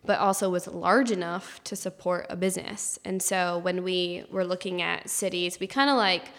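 Woman from northern Maine, low gravelly voice, casual candid chat, swears casually, long reverb. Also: fairly even intonation, normal speed, a bit bright. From Northern Maine, USA. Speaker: guest.

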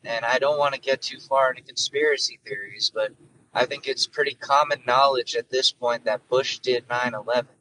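A man's voice: mid-range voice, steady tone, normal speed, bright, forceful tone, recorded from a distance, low-quality recording. Brief: man, 20s, rambling solo-podcast host, profane and jokey, slightly off-mic with faint noise. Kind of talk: casual solo monologue.

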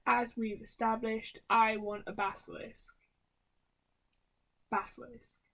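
A woman's voice: a little high, flat delivery, slow, creaky, a bit bright. A young woman chatting casually and reading quiz options aloud in a playful way. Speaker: co-host. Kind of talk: casual chat doing online quizzes.

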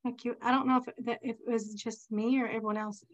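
A middle-aged woman talks on a casual podcast over a video call, her voice sitting a little high. She reacts quickly with short questions and comments. Her longer stretches are relaxed, personal storytelling. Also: dull audio. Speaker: podcast co-host. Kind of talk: casual chat.

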